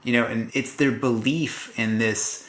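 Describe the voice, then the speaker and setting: A man's voice: medium pitch, steady tone, a little slow. A man hosting a casual film-discussion podcast, chatty and swearing, with many fillers. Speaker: podcast host. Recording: roomy echo.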